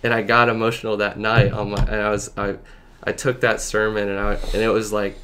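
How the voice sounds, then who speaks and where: This podcast guest has a fairly low, level voice with a bright, forceful tone, and there's slight background noise. Telling his personal faith testimony casually, he's earnest, halting and filler-heavy, occasionally on the verge of tears.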